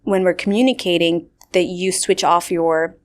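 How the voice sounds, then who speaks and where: A woman's voice: on the low side, moderate pace. Chatty twenties woman, filler-heavy storyteller. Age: 20s. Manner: animated storyteller, heavy "like" filler, acts out quotes. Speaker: podcast host. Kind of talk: casual chat.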